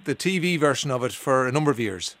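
A man's voice: mid-range voice, lively intonation, fast, a bit bright, slight background noise. A man hosting a radio interview, joking and laughing often with small stammers. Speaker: radio host.

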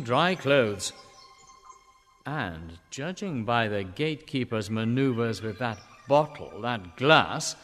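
An actor playing a polite, bemused young English gentleman traveler, talking to himself in a genteel, chatty way with an English accent. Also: medium pitch, long reverb tail, a little hiss or hum. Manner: genteel, chatty inner monologue. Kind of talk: radio drama acting.

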